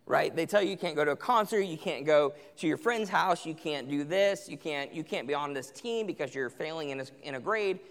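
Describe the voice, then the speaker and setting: A man's voice: fairly high pitch, lively intonation, brisk, few pauses, fairly bright tone. A young man giving a conversational sermon to teenagers, acting out what parents and kids say. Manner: conversational, acts out parent and teen quotes. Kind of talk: sermon to teens. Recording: long hall reverb.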